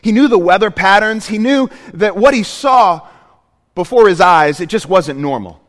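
High-voiced man preaching in a reverberant hall. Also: moderate pace, fairly bright tone. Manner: earnest, storytelling with emphatic repetitions. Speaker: pastor. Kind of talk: sermon.

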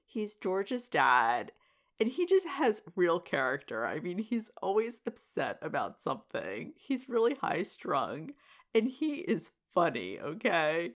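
A woman's voice: fairly low pitch, wildly swooping pitch, slow. A middle-aged woman hosting a podcast, talking casually in a monologue. She often laughs and puts direct questions to her listeners. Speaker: podcast host.

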